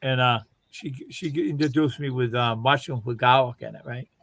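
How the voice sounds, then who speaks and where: A man's voice: mid-range voice, steady tone, moderate pace, fairly bright tone, slight background noise. A man casually telling long, rambling funny stories on a livestream and laughing as he goes. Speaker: livestream host. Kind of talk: casual storytelling chat.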